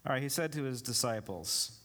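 A man's voice: mid-range voice, lively intonation, a bit bright. Easygoing man preaching a sermon. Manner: easygoing, reads scripture slowly and deliberately. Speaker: pastor. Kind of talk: sermon with scripture reading.

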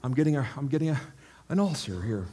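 A man's voice: mid-range voice, big pitch swings, fast, warm tone, slightly rough, pitched above the performer's own voice. A man voicing a worried bird that frets and moans in panic, in a sermon. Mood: fretting. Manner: panicky, moaning in worry. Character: frantic fretting worried bird.

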